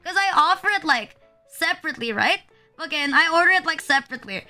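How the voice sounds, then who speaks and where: A young woman streaming live, chatting casually in a high, bright voice. She rambles, leans on filler words and swears offhand, with soft music playing underneath. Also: lively intonation, fast.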